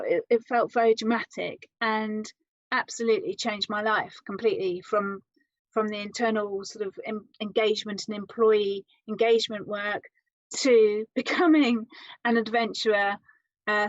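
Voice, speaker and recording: A woman guest telling her story in an interview, lively and quoting others in acted voices. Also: mid-range voice, dry recording. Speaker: interview guest, adventure psychologist. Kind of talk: conversational storytelling. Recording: slightly muffled, dry sound.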